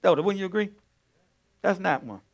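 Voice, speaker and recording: A man preaching a sermon as pastor, swinging between quiet talk and loud, urgent emphasis. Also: high voice, a little fast, vocal fry.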